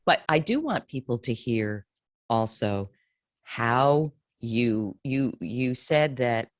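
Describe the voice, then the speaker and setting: A woman's voice: extremely low pitch, expressive, takes it slowly. A woman hosting an interview podcast, encouraging her guest and asking questions. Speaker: podcast host.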